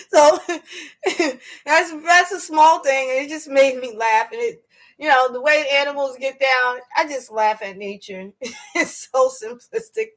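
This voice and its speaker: Speaking a little slowly with long pauses, this woman has a high, slightly bright voice. She hosts a casual storytelling livestream, slangy and talkative, laughing frequently while answering viewer questions.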